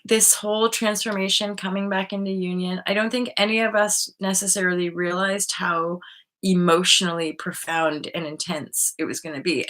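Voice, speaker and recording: A woman's voice: medium pitch, bright, forceful tone. A woman hosting a live online show, talking frankly and casually, thinking aloud with many fillers and the odd swear word. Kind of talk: casual live-stream talk on spiritual healing.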